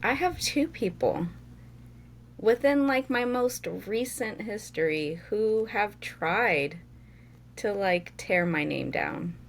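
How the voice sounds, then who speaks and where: A woman co-hosting a podcast, chatting casually at a very slow, measured pace. She tells her stories steadily with many fillers, and a faint hiss sits behind her voice. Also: medium pitch, lively intonation. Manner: measured storytelling with frequent "like" fillers. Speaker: podcast co-host. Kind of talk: casual chat.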